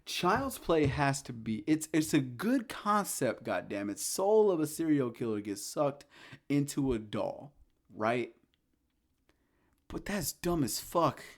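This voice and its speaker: A man hosting a solo podcast, telling horror film scenes in an animated, profane way, swinging from hushed storytelling to loud incredulous rants. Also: medium pitch, slow pace. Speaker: podcast host. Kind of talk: casual solo talk about horror films.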